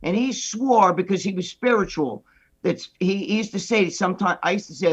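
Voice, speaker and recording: Podcast regular, male, high register, blunt and profane, slightly dull sound. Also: normal speed, slightly rough. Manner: blunt storyteller, swears freely. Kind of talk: casual chat.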